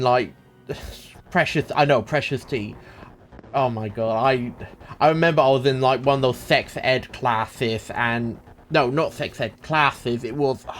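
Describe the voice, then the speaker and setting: A young man live-streaming a game, rambling and ranting with lots of restarts. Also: mid-range voice. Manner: rambling, self-interrupting, ranting. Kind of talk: casual live-stream chat while gaming.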